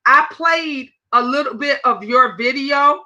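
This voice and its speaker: A woman in her fifties hosting a casual livestream chat, animated and talking straight to her viewers. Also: sits high, unhurried, muffled recording. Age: 50s. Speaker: livestream host.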